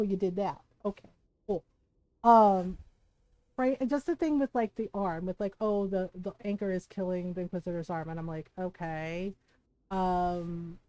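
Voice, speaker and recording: A woman streamer in casual chat with her viewers. She talks in a fairly high voice and rants heatedly, swearing freely and breaking into laughs. The recording is close and dry. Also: warm tone, no echo, rough recording. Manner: heated, profane ranting with frequent laughs. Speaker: game streamer. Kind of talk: casual chat while livestreaming.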